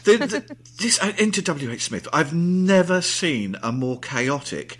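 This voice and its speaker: A man's voice: fairly high pitch, big pitch swings, unhurried, fairly bright tone. A man co-hosting a podcast, telling stories in a dry, theatrical way. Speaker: podcast co-host. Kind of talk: casual chat.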